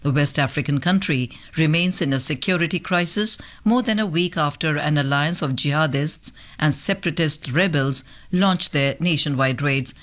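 A woman reading international news bulletins in a measured, formal way as a radio newsreader. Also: deep voice.

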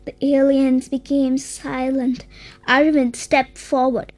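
Very high bright storyteller voice, reads kids story slowly, sing-songy, dry sound. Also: dry recording. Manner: sing-song, animated sound effects. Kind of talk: children's story narration.

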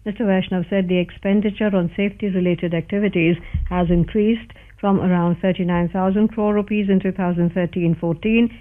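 A newsreader reads a scripted bulletin in a measured, formal manner. The voice sits at a middle pitch. It comes through a narrow, boxy radio broadcast with the lows and highs cut away. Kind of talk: scripted news bulletin reading.

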